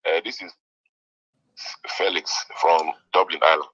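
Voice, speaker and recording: A man's voice: extremely low pitch, steady tone, normal speed, fairly bright tone. A man calling in to a radio show, asking questions politely and hesitantly. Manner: hesitant, polite, full of restarts. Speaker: caller. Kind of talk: phone-in question. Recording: muffled phone-in line.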